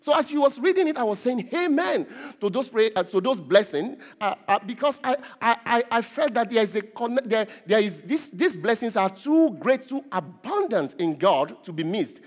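A man's voice: high-pitched, very animated, moderate pace, hardly any pauses. A male pastor preaching a sermon, emphatic, repeating and stressing key words. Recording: long hall reverb.

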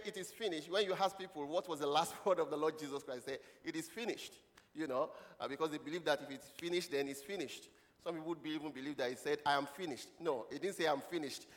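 Preacher with laughs in a reverberant church. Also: male voice, a little high. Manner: lively, questioning the congregation, laughing often. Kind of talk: children's sermon with call-and-response. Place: church hall. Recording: long hall reverb.

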